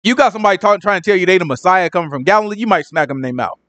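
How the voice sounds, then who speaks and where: A man's voice: sits high, rapid-fire. A man teaching the Bible in a casual, slangy way, acting out the people in the story as he goes. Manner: slangy, animated, acts out characters.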